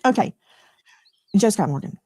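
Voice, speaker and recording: A woman hosting a TV legal show, grilling a guest with forceful, combative, sarcastic questions. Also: no echo. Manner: combative, rapid-fire, sarcastic. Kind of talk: forceful cross-examining questions.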